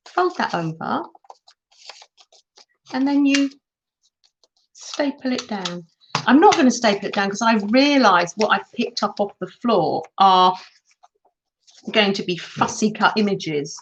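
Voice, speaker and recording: A woman's voice: fairly high pitch, a little hiss or hum. Chatty, giggly woman crafter. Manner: chatty, giggly, talks to viewers while working. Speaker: crafting live-stream host. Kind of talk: casual crafting tutorial chat. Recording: dull lo-fi sound.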